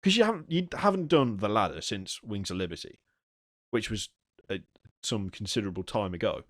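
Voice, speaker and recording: A young man co-hosts a casual gaming podcast in a playful, teasing way. His pitch swings up and down a lot as he talks. The recording is dry and close. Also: lively intonation, brisk, no echo. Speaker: podcast co-host.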